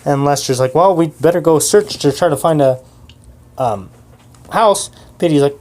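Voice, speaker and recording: A woman's voice: low voice, normal speed, a little mellow. A woman improvising a comedy story in a chatty, giggly way.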